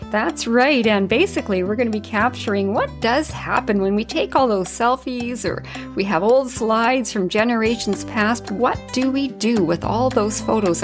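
Middle-aged lady host laughing through a story, kinda high voice, faint music behind. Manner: giggly, laughs through her own story. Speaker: podcast host. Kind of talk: casual storytelling monologue.

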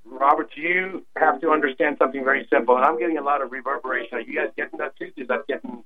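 A man's voice: medium pitch, fast, crowd noise. A man calling in as a regular guest doctor on a radio show, joking and playfully arguing his point in casual chat. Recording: phone line.

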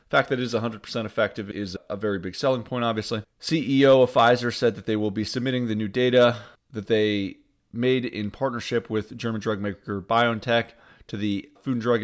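A man hosting a satirical news roundup in a deadpan, newsreader style with wry asides. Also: mid-range voice. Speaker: host.

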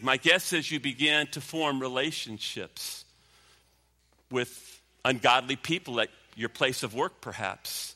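A man preaching a sermon as pastor, emphatic, sinking low and quiet for stories. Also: unhurried, big-room sound. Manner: emphatic preaching, drops low and quiet when telling a story.

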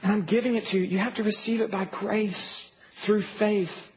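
A man's voice: high-pitched, fairly even intonation, moderate pace. A man preaching a sermon as pastor, earnest and building to emphatic peaks. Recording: reverberant hall with faint noise.

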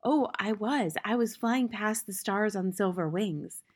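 A woman reading the part of a calm, clever little girl in a plain, quietly sure and polite way, as an audiobook character. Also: mid-range voice, unhurried, breathy edge.

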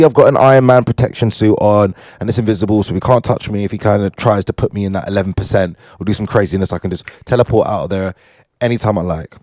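A man casually reading out fun facts, joking and riffing on them in quick asides. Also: on the low side, no room sound. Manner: animated, jokey, asides to himself. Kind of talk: casual fun-fact commentary.

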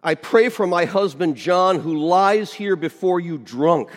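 A preacher voicing a fervent praying wife. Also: male voice, high-pitched, lively intonation, a little slow, voice pushed up. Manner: earnest, prayerful, raised voice. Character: devout wife praying fervently over her husband. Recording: long hall reverb.

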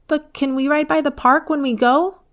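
A woman voicing a young girl, high and slow, emphatic like a small child. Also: fairly even intonation, lightly acted. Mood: reluctant. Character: young girl, earnest and emotional.

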